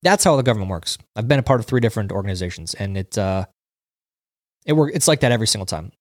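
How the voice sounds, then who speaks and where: A man's voice: fairly low pitch, expressive, fast talker, no echo, studio quality. A man hosting a casual livestream, reading viewer comments aloud and chatting about them. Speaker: livestream host reading chat. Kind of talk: casual chat.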